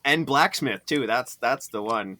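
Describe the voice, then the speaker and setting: A man co-hosting a podcast as a blacksmith, chatting in a relaxed, rambling, joking way. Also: medium pitch, measured pace, a little hiss or hum. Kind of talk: casual chat.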